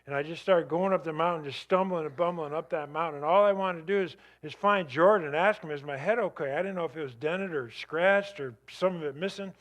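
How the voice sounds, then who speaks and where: A man giving a church talk as a guest speaker, telling a dramatic personal story in vivid, animated bursts that drop suddenly to a hush. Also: on the high side, a little fast, few pauses.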